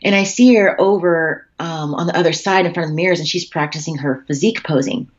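A lowish-voiced woman tells rambling stories in casual podcast chat, full of fillers and cheerful swearing. Her voice comes through a computer call, sounding dull and lo-fi. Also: fast. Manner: chatty storyteller, frequent swearing and fillers. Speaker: podcast guest, bodybuilder. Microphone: computer call setup.

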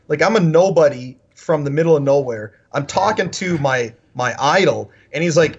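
A man, a podcast guest, telling animated stories with lots of "like" fillers. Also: fairly high pitch, moderate pace, few pauses, breathy edge, highs cut off. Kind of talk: casual storytelling.

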